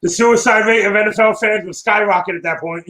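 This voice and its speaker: A man's voice: high voice, fairly quick, sharp tone, poor audio. A man in his late thirties co-hosting a sports show, dry, sarcastic and profane. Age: 30s. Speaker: co-host. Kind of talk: casual sports podcast banter. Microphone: remote call.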